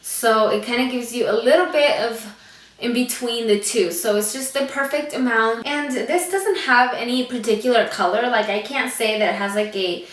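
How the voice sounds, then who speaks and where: Woman, beauty vlogger, fairly high voice, chatty, a bit out of breath, echoey room, mic at a distance. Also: normal speed. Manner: chatty, lots of fillers. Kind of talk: casual chat to camera.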